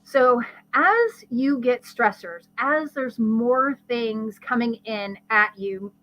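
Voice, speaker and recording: A woman, a guest expert, explaining brain science in conversation with a lively teaching manner and vivid everyday examples. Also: fairly high pitch, slow pace, highs cut off. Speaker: guest expert on ADHD and learning.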